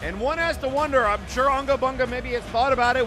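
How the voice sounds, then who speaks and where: A man calling play-by-play for an online wrestling show, excitable and bursting into frantic shouting at big moments. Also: extremely high pitch, fast. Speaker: wrestling commentator. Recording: loud music and crowd noise behind.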